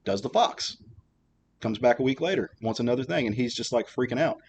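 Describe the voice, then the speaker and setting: A man's voice: mid-range voice, animated, brisk, a little hiss or hum. A man hosting a podcast, chatting casually with lots of fillers and restarts. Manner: rambling, many fillers and restarts. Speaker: podcast host. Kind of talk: casual chat.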